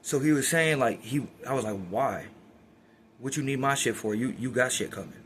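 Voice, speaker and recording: A man's voice: medium pitch, normal speed, a bit bright, a little hiss or hum. A man in his twenties casually telling a story, streetwise and slangy, acting out what others said. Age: 20s. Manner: streetwise slangy retelling with quoted dialogue.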